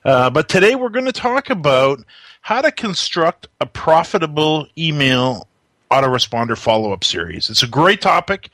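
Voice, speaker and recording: Upbeat chatty male host, crisp dry sound. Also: medium pitch, fairly bright tone, no room sound. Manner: upbeat, chatty, rambling asides. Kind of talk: casual chat.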